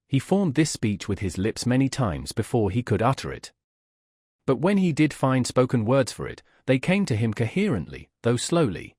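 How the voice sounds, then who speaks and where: A man narrating a classic novel as an audiobook with an expressive, measured reading. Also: medium pitch, dry recording, studio quality. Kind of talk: scripted narration.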